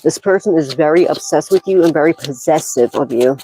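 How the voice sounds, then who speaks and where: A woman's voice: low voice, brisk, warm tone, slight background noise, poor audio. A woman gives a psychic tarot reading as a loose, casual monologue. She is blunt and profane, scolding freely and breaking into bursts of laughter as she talks.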